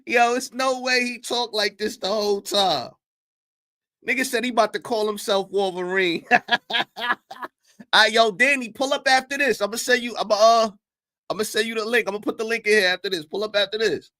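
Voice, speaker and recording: A young man hosting a live stream, reacting to a clip with animated, incredulous commentary and talking to his chat. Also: high-pitched, brisk. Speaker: streamer reacting to battle rap clips.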